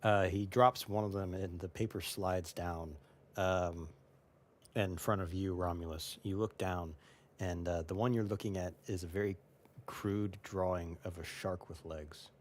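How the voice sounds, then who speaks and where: Deep-voiced man running a tabletop game. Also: steady tone, a little hiss or hum. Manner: unhurried, with frequent hesitations. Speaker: game master.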